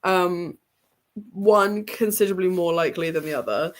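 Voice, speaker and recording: A woman's voice: lowish voice, normal speed. A young woman hosting a reading livestream from home, sounding stuffy and congested, chatting in a rambling way with lots of ums and small laughs. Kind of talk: casual livestream chat. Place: home room with bookshelves behind her.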